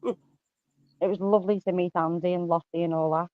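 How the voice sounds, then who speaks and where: A woman's voice: on the low side, fairly even intonation, moderate pace, no echo, phone-quality sound. A woman telling rambling, laughing anecdotes in a casual chat, swearing a lot. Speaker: guest on a live chat stream.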